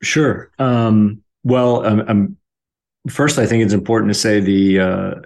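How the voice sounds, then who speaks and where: A man, an author, being interviewed on a podcast, starting slowly with many pauses and restarts. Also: fairly low pitch, steady tone, vocal fry, a little mellow. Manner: hesitant, many ums and restarts. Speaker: guest, author.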